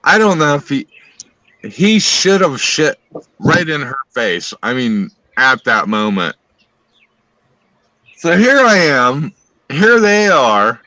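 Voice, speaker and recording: A man's voice: a little high, takes it slowly, pauses often, no room sound, low-quality recording. Rambling, foul-mouthed man telling a story. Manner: rambling, swears constantly, animated retelling. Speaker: storyteller on a live stream. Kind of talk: casual profane storytelling.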